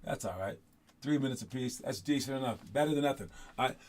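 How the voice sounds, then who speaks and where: A man's voice: mid-range voice, fast, slight background noise. A man coaching kids in a casual, rambling talk, joking and breaking into song now and then. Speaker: basketball coach teaching kids. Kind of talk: casual motivational classroom talk. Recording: music playing loudly underneath.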